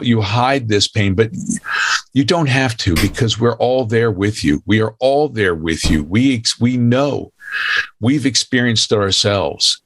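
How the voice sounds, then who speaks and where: A man's voice: mid-range voice, a bit bright, no room sound. A man chatting as a guest on a podcast, speaking earnestly and from the heart. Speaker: guest voice actor. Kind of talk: casual podcast chat.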